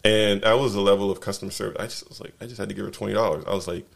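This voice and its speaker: A man's voice: lowish voice, fairly even intonation, rapid-fire, gravelly. A man casually telling travel stories as a podcast guest, rambling with many fillers and restarts. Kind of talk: casual storytelling.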